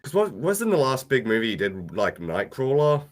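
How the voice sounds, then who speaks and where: A man's voice: mid-range voice, very animated, normal speed. A young man with an Australian accent co-hosting a casual movie-watching podcast, making dry, wry remarks. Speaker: podcast co-host.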